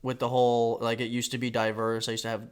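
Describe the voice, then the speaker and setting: A man co-hosting a podcast from a home basement, telling tall tales in a deadpan, sarcastic, profane way. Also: medium pitch, quick pace, clear, resonant tone. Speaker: podcast co-host. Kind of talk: casual comedic banter.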